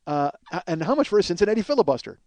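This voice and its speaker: Man, podcast host, comic storytelling, profane and animated, acts out quotes, somewhat high voice, dry close sound. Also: rapid-fire, no room sound.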